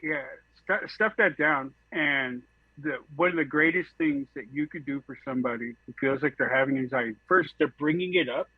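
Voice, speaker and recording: A man's voice: medium pitch, normal speed, breathy edge, no room sound. A man from San Francisco, a guest on a podcast, talking earnestly in casual chat, with many "like" fillers. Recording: dull lo-fi dry sound.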